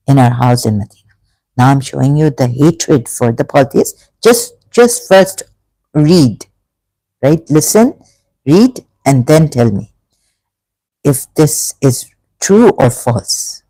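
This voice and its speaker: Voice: medium pitch, lively intonation, slow, dark tone, dry recording, low-quality recording. A speaker giving an emotional, rambling monologue commentary with many restarts. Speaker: religion critic.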